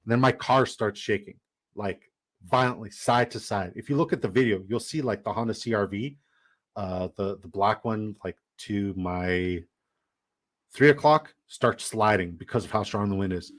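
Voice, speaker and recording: A young man with a fairly low voice tells a story to his live stream viewers. He rambles casually and animatedly, leaning on "like" as he goes. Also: moderate pace. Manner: animated, rambling, heavy use of "like".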